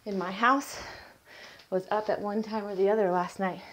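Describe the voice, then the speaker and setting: A woman's voice: medium pitch, steady tone, normal speed, poor audio. A woman instructing a home workout, encouraging and a little out of breath as she exercises, tired and yawning. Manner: encouraging, slightly winded while exercising. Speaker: fitness instructor.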